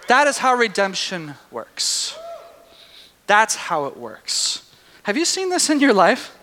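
A male pastor with a high, bright voice delivers an animated sermon. He swings from hushed asides to loud, excited bursts, and the long reverb of a hall trails every phrase. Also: slow.

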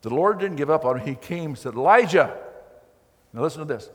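A man preaching a sermon as pastor, telling the story in a folksy, animated way with acted quotes. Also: on the high side, a little fast. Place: church hall. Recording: long hall reverb.

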